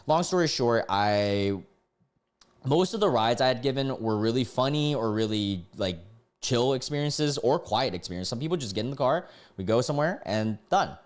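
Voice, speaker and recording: A man's voice: mid-range voice, animated, normal speed. Rambling male streamer telling a story. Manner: rambling, many fillers and self-corrections. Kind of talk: casual storytelling on a livestream.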